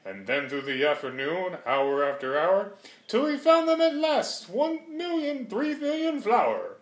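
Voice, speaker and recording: A man reads a rhyming storybook aloud with a rhythmic, sing-song bounce. His voice sits a little high and swings widely, and a roomy echo surrounds it. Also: very animated, unhurried. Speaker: reader.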